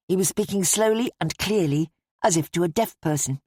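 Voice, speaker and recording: This is scripted audiobook narration from a woman with a lowish voice, told in an even, measured way. The recording is dry, with a clean studio sound.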